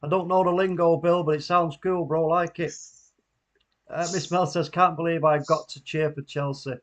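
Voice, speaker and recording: A man's voice: fairly high pitch, fairly even intonation, normal speed, a bit bright. A man hosting a live football watchalong, chatting casually, laughing often and reading out viewer comments. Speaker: watchalong host. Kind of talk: casual live stream chat.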